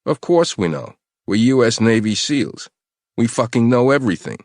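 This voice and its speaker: Guy putting on a tough shouting navy soldier, bad cop, raised voice, dry audiobook sound. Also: mid-range voice, animated, normal speed, dry recording, pitched above the performer's own voice, natural voice. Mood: aggressive. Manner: harsh, shouting, swaggering. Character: aggressive male soldier, bad-cop interrogator.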